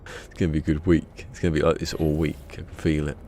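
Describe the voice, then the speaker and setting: A man's voice: very deep voice, little pitch movement, quick pace, warm tone, slight background noise. A man streaming a game, rambling and muttering to himself in a casual chat. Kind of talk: casual gameplay livestream chat. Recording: game music in the background.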